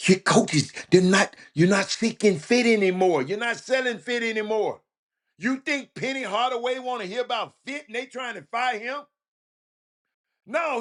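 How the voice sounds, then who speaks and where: High-voiced man preaching with stammering restarts. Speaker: show host. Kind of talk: casual talk show monologue. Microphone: phone call.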